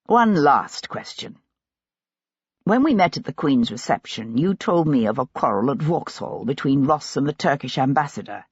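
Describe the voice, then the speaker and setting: A woman's voice: very deep voice, animated, normal speed, husky, no room sound, voice pushed down, exaggerated voice. A woman voicing a stern, determined male investigator who asks terse, probing questions, in a dull, dry recording.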